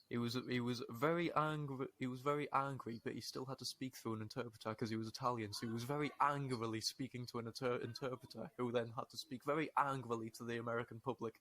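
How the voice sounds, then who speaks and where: A man's voice: medium pitch, fairly even intonation, fast, few pauses, a bit bright. A British man, a podcast co-host, reading a news story aloud in casual chat, swearing and laughing, acting out the quoted lines.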